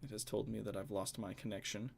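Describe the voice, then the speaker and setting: A man narrating as game master, relaxed and full of fillers. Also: fairly low pitch, fast talker, vocal fry.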